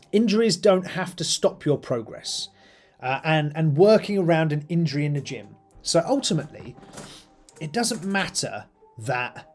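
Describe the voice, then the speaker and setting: A middle-aged man with a British accent talks easily on a live stream, rambling and filling gaps with ums and uhs as he paints miniatures. His voice sits a little high for a man, and faint music plays softly behind him.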